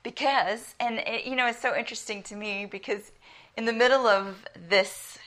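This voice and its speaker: A woman's voice: a little high, fairly even intonation, normal speed, a bit bright. A middle-aged woman from South Africa with an American accent, preaching an earnest sermon built on personal stories. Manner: earnest, emphatic, storytelling.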